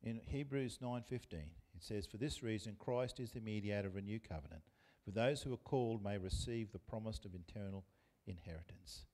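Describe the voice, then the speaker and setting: A man's voice: fairly low pitch, a little fast, hardly any pauses, darkish tone. A man with an Australian accent preaching a sermon as pastor, talking conversationally and putting questions to the congregation. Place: church.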